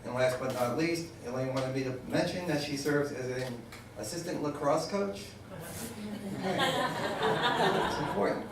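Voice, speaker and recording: A man's voice: medium pitch, moderate pace. A man emceeing an event who introduces the next speaker casually, joking lightly and correcting himself. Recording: echoey hall voice from far off with noise.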